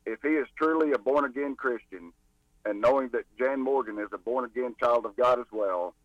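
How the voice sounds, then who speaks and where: A man's voice: medium pitch, a little fast, dry recording, muffled recording. A man speaks as a guest on talk radio, indignant and emphatic. His voice sounds dry and close. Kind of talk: casual radio chat.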